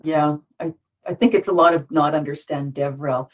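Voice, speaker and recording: A woman's voice: low-pitched, fairly even intonation, moderate pace, highs cut off. A woman moderating a panel discussion, thinking aloud with many restarts.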